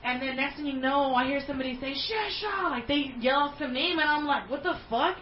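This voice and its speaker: High-voiced woman telling a profane story. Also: fast, echoey room, dull audio, a little hiss or hum. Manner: animated, profane, slangy. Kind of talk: casual storytelling chat.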